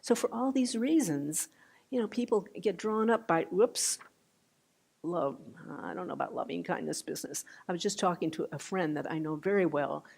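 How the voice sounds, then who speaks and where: An older woman giving a meditation talk, gentle and unhurried, with soft trailing phrases and restarts. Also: fairly low pitch, creaky, husky. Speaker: meditation teacher. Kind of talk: dharma talk. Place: meditation hall.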